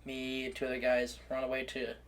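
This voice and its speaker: A man's voice: medium pitch, monotone, fairly bright tone. A young man co-hosting a podcast, chatting casually and telling funny stories through laughter. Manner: laughing storyteller, quick asides. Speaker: podcast co-host. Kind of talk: casual chat.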